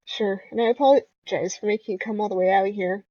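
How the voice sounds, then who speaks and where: A woman voicing a laid-back male cowboy gunslinger from a video game, reading his lines in a blunt, deadpan way. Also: medium pitch, a little fast, dry recording, muffled recording, natural voice.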